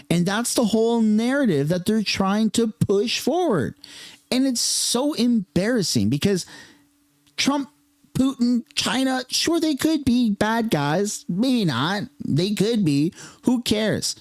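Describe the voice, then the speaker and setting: A man hosting casual political commentary, talking in an animated, sarcastic way. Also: high voice, unhurried, dry recording. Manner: animated and sarcastic, lively ups and downs.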